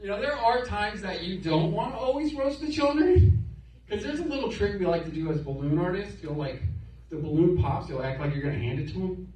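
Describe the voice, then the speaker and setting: A man performing a profane, animated stand-up set on a comedy club stage, telling stories with quick asides while the audience laughs. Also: high voice. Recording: roomy club, distant mic, crowd laughter.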